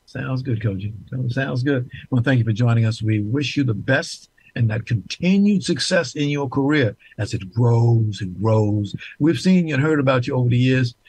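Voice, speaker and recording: Husky guy hosting a talk show, dry close sound, emphatic, repeats stuff for the audience. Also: mid-range voice, moderate pace, hardly any pauses, darkish tone, no room sound, rough recording. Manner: emphatic, repeats key points for viewers.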